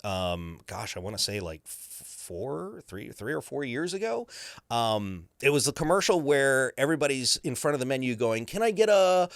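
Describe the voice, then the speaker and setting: A male voice actor tells stories in an interview, his pitch swinging up and down as he talks. The sound is dry and close, with no room in it. He keeps slipping into playful character voices. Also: normal speed, vocal fry, dry recording. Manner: lively, breaks into character voices and laughs. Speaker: voice actor guest. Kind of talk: animated interview storytelling.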